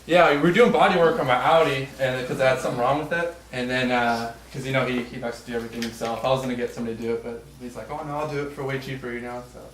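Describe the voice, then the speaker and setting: A man's voice: mid-range voice, steady tone, rapid-fire, few pauses, fairly bright tone, a little hiss or hum. A young man telling his dad a story at the birthday party, hesitant, with fillers. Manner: easygoing, hesitant. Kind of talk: casual storytelling. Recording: echoey room, far from camera.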